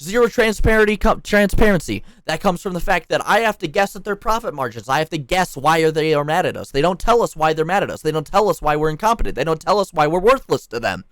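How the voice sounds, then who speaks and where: A man's voice: on the high side, lively intonation, fast, few pauses, a bit bright, no echo. Fired-up, profane young man ranting. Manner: profane, heated, sarcastic. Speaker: store worker venting about management. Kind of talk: angry ranting monologue.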